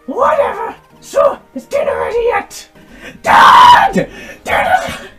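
A man playing a tiny, excitable mushroom man in a playful game stream voice, shrill and yelling. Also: slow, roomy sound, faint music behind, heavily acted. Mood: frantic. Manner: shrill, shouting. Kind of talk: playful let's-play voice acting.

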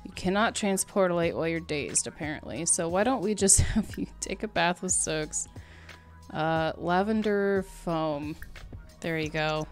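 A gameplay streamer with a fairly low voice offers unhurried, chatty commentary over her life-sim game. She talks to her characters and laughs often, with faint music in the background.

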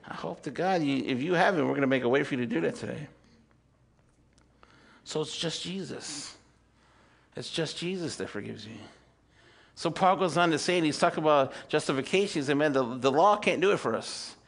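Fervent preacher man, higher-pitched. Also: expressive, fairly quick, vocal fry, pauses often. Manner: swings from loud emphatic peaks to quiet intimate asides; rhetorical questions and calls for amen. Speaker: pastor. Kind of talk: sermon. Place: church service with congregation.

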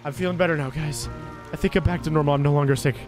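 A man giving excitable let's play commentary, narrating his own moves in the first person with frequent exclamations. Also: on the high side, rapid-fire, over music. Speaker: gaming video creator.

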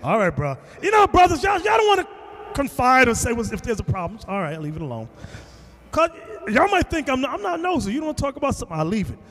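A man preaching to a class, telling a story with lively acted-out quotes and bursts of shouting. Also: extremely high pitch, fast, in a large hall. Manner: animated storytelling, acting out quotes, shouting at times. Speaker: teacher. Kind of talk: sermon.

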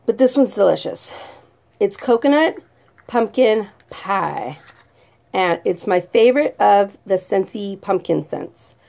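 A woman with a medium-pitched, creaky, slightly mellow voice chats casually as a vlogger reviewing home fragrance products. She talks about her favorites and reads their descriptions aloud.

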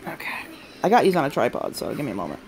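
A young woman hosting a casual live unboxing stream, chatty and excitable, often breaking off with delighted exclamations and asides to her family. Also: low-pitched, racing, vocal fry, a little hiss or hum. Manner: breaks off to talk to family off camera.

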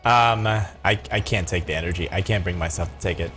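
A man casually commenting on a co-op game while streaming, jokey and swearing, with sudden excited yells. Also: deep voice, fairly quick. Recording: game music and gunfire underneath. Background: game music and gunfire.

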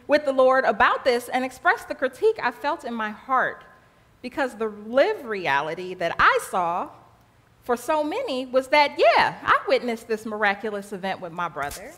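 Woman minister, high bright voice, colloquial rhythmic preaching that echoes through the sanctuary. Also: normal speed. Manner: animated preaching, colloquial retelling, rhythmic repetition. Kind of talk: sermon. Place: church sanctuary. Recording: long church reverb.

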